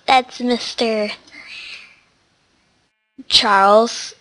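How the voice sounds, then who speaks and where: A woman's voice: high-pitched, unhurried, pauses often. A teenage girl with a stuffy, sniffly voice, chatting casually and rambling as she hosts a gaming tutorial. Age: teens. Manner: chatty, rambling, talks to animals in game. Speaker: gaming channel host. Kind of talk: casual gameplay tutorial chat.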